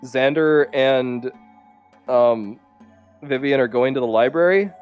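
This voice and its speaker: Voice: medium pitch, slow, clear, resonant tone, muffled recording, faint music behind. A player in a tabletop game over a call, tossing in joking asides. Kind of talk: casual tabletop game chat.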